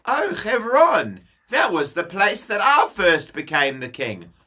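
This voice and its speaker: A man voicing a fair, businesslike king in a children's story, brisk and matter-of-fact. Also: sits high, wildly swooping pitch, pushed and bright, exaggerated voice. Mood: mild.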